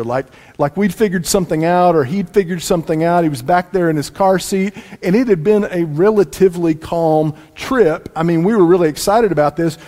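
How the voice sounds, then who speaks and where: A man preaching a sermon as pastor, telling a family story with lively shifts between loud lines and quiet asides. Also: high voice. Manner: animated, swings from loud to hushed asides. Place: church sanctuary. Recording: long reverb in a large room.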